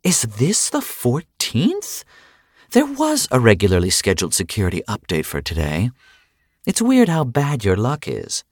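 A man's voice: medium pitch, big pitch swings, slow, dry recording, studio quality, voice pushed up. A man voicing a sly, sarcastic woman doctor who runs a hospital, talking in a mock-innocent, sing-song way.

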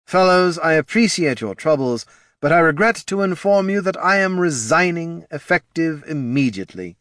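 A man's voice: fairly high pitch, animated, normal speed, fairly bright tone, no echo, studio quality, voice pushed up. A man doing a drunk, sneering knight commander. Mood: drunkenly formal.

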